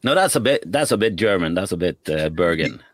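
A Norwegian man hosting a podcast, chatting in a relaxed way and laughing often. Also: sits low, brisk, no room sound. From Norway. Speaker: podcast host. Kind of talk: casual interview chat.

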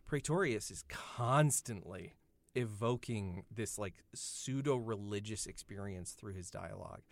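Low-voiced man explaining film subtext. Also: a little slow, gravelly, dry recording. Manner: thoughtful, explanatory. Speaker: podcast co-host. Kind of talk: casual film discussion.

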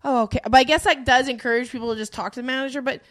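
A woman's voice: sits high, very fast, fairly bright tone. A woman co-hosting a comedy podcast, chatting animatedly, laughing often and swearing casually. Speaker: podcast co-host.

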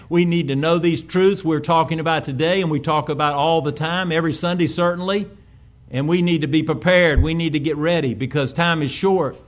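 Preacher man, rising and falling. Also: fairly high pitch. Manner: preaching with sudden swells in volume and slowed emphasis. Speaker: pastor. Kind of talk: sermon.

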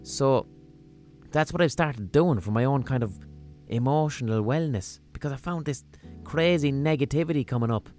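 A man with a Limerick Irish accent hosting a podcast, rambling through a casual comic monologue in a profane, deadpan-humorous way. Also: mid-range voice, moderate pace, faint music behind. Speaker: podcast host.

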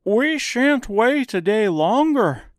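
A man doing a high wailing straw man. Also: very animated, slow pace, no room sound, studio quality, heavily acted. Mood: plaintive.

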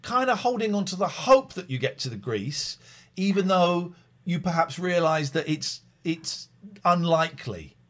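In a radio studio, a middle-aged male host trades casual banter, teasing and joking with playful, stumbling restarts. His voice is high-pitched, expressive and fairly bright, delivered at a measured pace.

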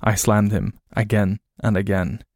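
A man narrating a horror story in a flat, grim, low-key way. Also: measured pace, no echo, studio quality.

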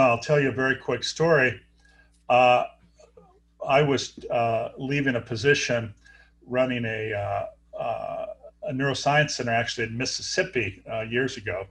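A middle-aged man, a surgeon, telling stories in an interview, halting often with fillers and restarts. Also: mid-range voice. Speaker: guest, neurosurgeon. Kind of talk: storytelling interview talk.

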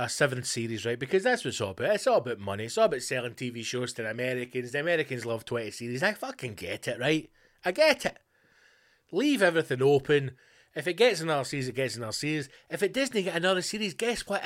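A Scottish man hosting his own podcast, ranting sarcastically with constant swearing, swinging between loud outbursts and low mutters. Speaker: podcast host. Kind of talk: profane comedic rant.

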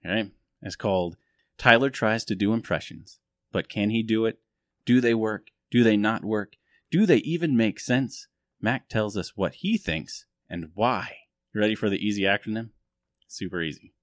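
Deep-voiced joking podcast host man. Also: moderate pace, fairly bright tone, dry recording, studio quality. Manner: joking, self-mocking, rambling. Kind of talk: casual podcast chat.

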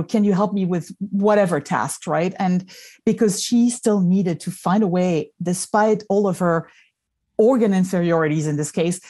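A middle-aged woman speaks as a guest in a relaxed conversation. Her voice sits a little low, and she tells a hard personal story openly, moving between emotion and wry humor. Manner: candid, emotional, storytelling with self-deprecating humor. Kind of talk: casual conversation.

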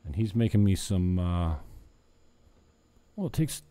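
A man's voice: low-pitched, sing-song, unhurried, background noise. A man talking casually to his viewers in a meandering vlog, often breaking off mid-thought and chuckling at his own asides. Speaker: vlogger. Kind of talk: casual rambling chat to camera.

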